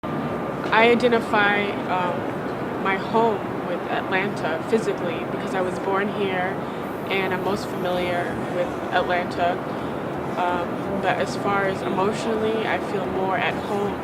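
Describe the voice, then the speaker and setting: A young woman speaking in a measured, quiet way with some filler sounds in an interview. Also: medium pitch, level tone, recorded from a distance, very noisy. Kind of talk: calm interview talk.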